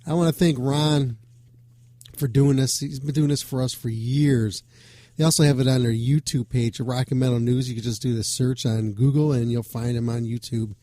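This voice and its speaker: Male rock show host, rambling casual chat, swears a lot, warm dark voice. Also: mid-range voice, steady tone, normal speed, no room sound. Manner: loose, joking, swears freely.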